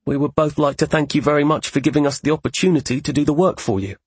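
A man's voice: fairly high pitch, steady tone, fast talker, slightly rough, no room sound, pitched above the performer's own voice. A man voicing an earnest, hesitant young magic user in an audiobook. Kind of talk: audiobook character voice.

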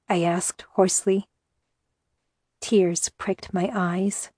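A woman's voice: lowish voice, level tone, a little slow, dark tone, no echo, clean studio sound. A woman reading a first-person story aloud with tense, emotional delivery. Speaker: audiobook narrator. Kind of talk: first-person audiobook narration.

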